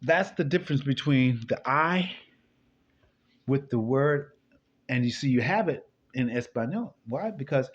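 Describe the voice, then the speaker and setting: A man giving loose, profane commentary while reading scripture, rambling, muttering low and then bursting up high. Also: lively intonation, measured pace, husky. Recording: dull lo-fi recording.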